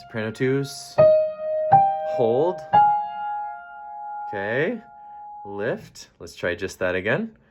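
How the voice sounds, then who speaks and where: A man's voice: mid-range voice, big pitch swings, drawn-out words, long pauses. A man leading a choir rehearsal, counting beats and calling out measures and cues for the soprano sections over piano. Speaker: choir director. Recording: loud piano accompaniment behind the voice.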